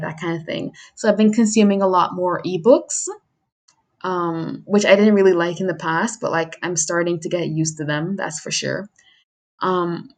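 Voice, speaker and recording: A young woman streamer chatting on her own in a casual, rambling way, drifting onto tangents with small laughs. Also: fairly low pitch. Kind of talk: casual solo chat.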